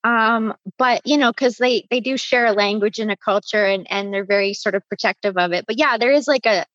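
A woman from Canada hosts a loose podcast chat, blunt and quick to curse. Her voice sits a little high, and the recording is dry and slightly muffled. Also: a bit bright, no room sound. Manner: blunt, swears freely, quick back-channel replies. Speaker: podcast host. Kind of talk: casual chat.

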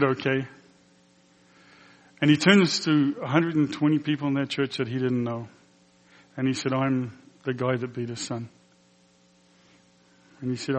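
Male preacher, mid-pitched, earnest and emotional storyteller voicing the people in his story, in a reverberant church hall. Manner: earnest storytelling, acting out quoted dialogue. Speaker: pastor. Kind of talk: personal testimony in a sermon.

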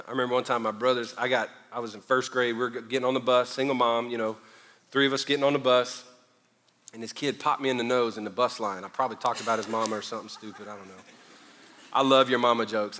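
A middle-aged man with a Southern accent preaching a sermon, animated and joking, swinging between loud and quiet. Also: medium pitch, fast talker. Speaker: pastor. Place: church sanctuary. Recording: long hall reverb.

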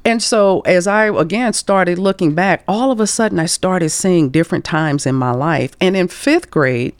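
A woman in her fifties from St. Louis, a career coach telling stories as a guest in an interview, expressive and acting out quoted voices with chuckles. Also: fairly low pitch, normal speed, clear, resonant tone, no echo. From St. Louis, USA. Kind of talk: storytelling interview talk.

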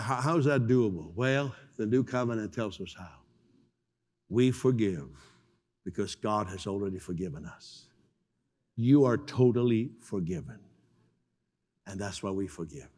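An older man preaching a sermon as pastor, telling stories with animated acted-out voices. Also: mid-range voice, in a large hall. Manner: animated storytelling, acts out voices.

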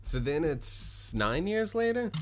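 A man's voice: a little high, big pitch swings, slow. Guy rambling thru a recap, cracking jokes, lots of up and down in his voice. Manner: jokey, rambling recap with playful asides. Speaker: podcast co-host. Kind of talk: casual chat.

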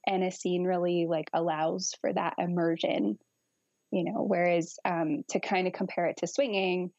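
A woman's voice: on the low side, level tone, moderate pace, vocal fry, darkish tone, no room sound, highs cut off. A woman guest on a podcast, talking frankly and casually with frequent laughter and swearing. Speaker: guest kink educator.

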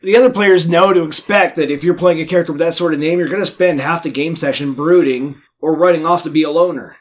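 A man with a slightly higher voice than most, hosting a casual podcast chat. He keeps things playful and jokey, trading puns and explaining his ideas at length. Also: fast. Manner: playful, punning.

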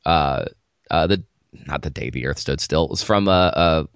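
A man co-hosting a casual chat, riffing in an animated, sarcastic way. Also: a bass voice, moderate pace, creaky, clear, resonant tone, no room sound.

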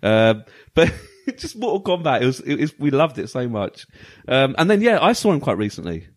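A man's voice: mid-range voice, moderate pace. A man, co-hosting a podcast and telling a rambling, laugh-filled story in casual chat. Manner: rambling, animated, laughs often. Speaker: podcast co-host.

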